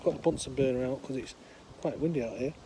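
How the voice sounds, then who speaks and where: A man's voice: medium pitch, fast, background noise. An older man with a chatty, meandering manner, telling a long joke outdoors. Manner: meandering, chatty, many fillers. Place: outdoors, windy.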